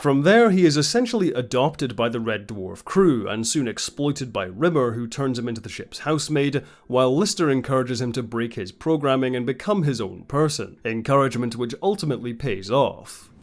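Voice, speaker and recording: Man, mid-pitched voice, scripted narration, measured, informative. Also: expressive. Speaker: video essay narrator.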